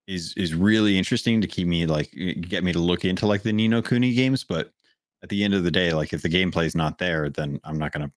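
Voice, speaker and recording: A man co-hosting a gaming podcast, talking things through in a thoughtful, measured way with many restarts. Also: low voice, no echo, clean studio sound. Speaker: podcast co-host. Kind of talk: casual chat.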